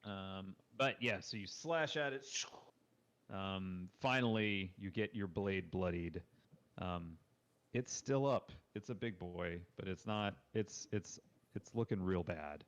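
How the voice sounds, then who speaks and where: A man narrating as game master in a casual, descriptive way, with frequent pauses and filler words. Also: low-pitched. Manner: casual, lots of ums, descriptive storytelling.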